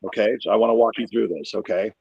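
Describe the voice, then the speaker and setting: A man telling a crude, rambling stand-up story, getting loud when he acts himself out. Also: on the low side, fairly even intonation, fast, vocal fry, slightly rough, no room sound, highs cut off. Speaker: comedian. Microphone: video call.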